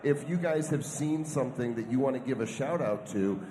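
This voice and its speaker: A man with a mid-pitched voice moderates a live podcast panel. He leads the guests with eager questions. The sound is roomy and echoey, with a long hall tail. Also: a little fast, background noise. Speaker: podcast co-host.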